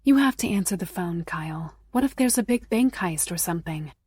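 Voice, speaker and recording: A woman narrator voicing a free-spirited young witch in an audiobook, talking quick and indignant. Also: fairly low pitch, animated, darkish tone, slightly rough, no echo, clean studio sound. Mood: flustered.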